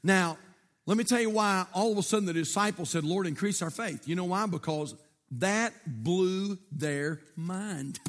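Male pastor, high-pitched, fiery sermon delivery. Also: unhurried. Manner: preaching with rising shouts and call-outs to the church.

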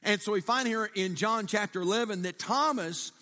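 In a reverberant church sanctuary, a pastor preaches with a high-pitched, pushed, bright voice at a moderate pace. He repeats points for emphasis, keeps a conversational tone, and puts questions to the congregation.

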